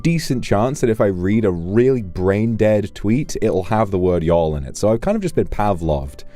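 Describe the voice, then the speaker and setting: British male streamer, low mellow voice, bouncy delivery, cheeky and profane. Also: normal speed, faint music behind. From United Kingdom. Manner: animated and playful, swears freely, trails off into asides. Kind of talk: casual live-stream chat, reading donations.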